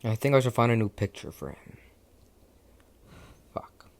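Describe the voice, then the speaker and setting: Young male storyteller, loose and foul-mouthed, rambles and trips over words; average pitch. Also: very animated, measured pace, vocal fry. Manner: profane, rambling, self-interrupting. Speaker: fan storyteller. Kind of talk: casual rambling retelling.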